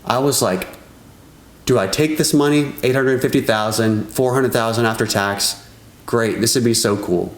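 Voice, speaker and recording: A man vlogging, telling a story to camera in a casual, excitable way, swearing freely and calling his viewers "guys". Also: medium pitch, normal speed, echoey room, a little hiss or hum. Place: outdoors at sunrise.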